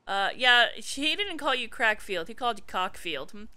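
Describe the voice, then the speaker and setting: Young woman streaming a game, snarky and sweary, bright crisp voice, kinda high. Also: very animated, moderate pace. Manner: sarcastic, swears a lot, reads messages aloud in jokey voices. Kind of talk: let's play commentary.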